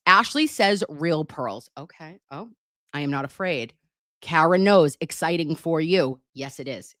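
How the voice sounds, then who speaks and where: A woman's voice: fairly low pitch, big pitch swings, normal speed, no room sound, studio quality. A woman hosting a casual livestream chat, gushing and dramatic, talking with a slight lisp from a sore tongue. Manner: gushing, chatty and dramatic, reads viewer comments. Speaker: livestream host.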